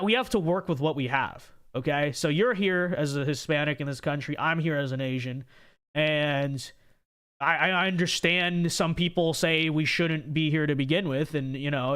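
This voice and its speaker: A man's voice: fairly high pitch, a bit bright, clean tone. A young man hosting a political commentary livestream, rambling and repeating words as he thinks aloud and reads viewer messages. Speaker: livestream host.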